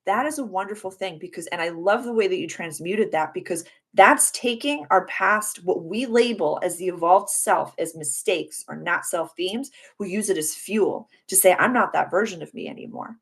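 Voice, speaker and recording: A woman in her thirties talks casually to her live-stream viewers, her voice sitting a little low. She is effusive and encouraging, in the gentle manner of a spiritual coach. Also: moderate pace, hardly any pauses, breathy edge. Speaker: astrologer hosting a weekly live stream.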